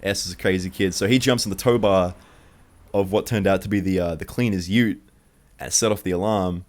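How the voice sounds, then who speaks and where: A man's voice: sits low, fairly even intonation, brisk. A young man telling a true childhood story in one take, rambling and profane.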